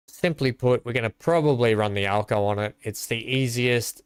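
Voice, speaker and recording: A man's voice: medium pitch, moderate pace, clean tone, no room sound. Chatty Australian man streaming a game. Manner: rambling, chatty, greets chat viewers by name. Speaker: live streamer. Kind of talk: casual live-stream commentary while playing.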